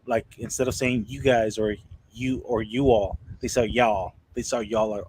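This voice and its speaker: Halting American man hosting a podcast. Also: mid-range voice, steady tone, darkish tone, slight background noise. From United States. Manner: halting, repeats words while searching for them. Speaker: podcast host. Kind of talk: casual chat.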